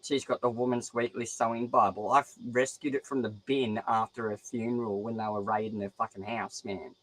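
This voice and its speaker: A man's voice: medium pitch, brisk, low-quality recording. A young Australian man chatting casually about crafts, rambling and swearing freely. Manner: profane, rambling, animated. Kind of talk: casual chat.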